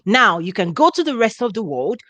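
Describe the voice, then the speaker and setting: A woman hosting a conversational interview, speaking emphatically with lively, drawn-out exclamations. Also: mid-range voice, no echo. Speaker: interview host.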